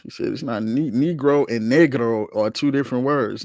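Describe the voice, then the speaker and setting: A man's voice: mid-range voice, moderate pace, few pauses, darkish tone, no echo, studio quality. A man hosting a livestream, arguing with his chat in a heated, profane, slangy rant. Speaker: streamer host reacting to chat.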